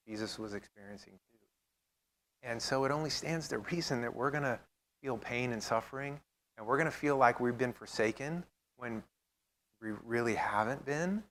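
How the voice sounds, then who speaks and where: A man's voice: on the low side, a bit bright. A man leading a church Bible class, talking earnestly and reading scripture aloud with feeling.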